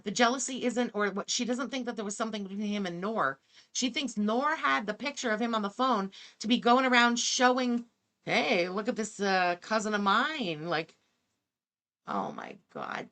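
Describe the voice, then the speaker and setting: This woman hosts reaction commentary in a mid-range voice with a fairly bright tone. Her delivery is sarcastic and disbelieving, peppered with plenty of swearing.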